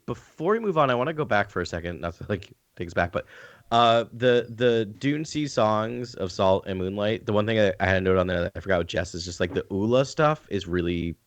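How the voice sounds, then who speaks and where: A man's voice: on the low side, lively intonation, fairly quick, dry recording. A man hosting a casual podcast chat, talking in rambling bursts full of fillers and restarts.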